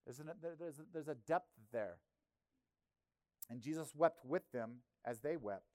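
A male pastor preaching a sermon in a conversational, animated way, often acting out quotes. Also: fairly high pitch, a little slow, dry recording.

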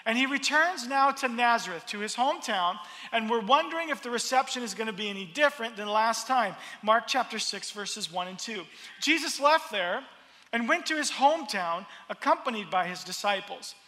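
A man preaching a sermon, expressive and repeating his words as he builds each point. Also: very high-pitched, moderate pace, big-room sound. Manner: expressive, acts out crowd voices, repeats words. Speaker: pastor.

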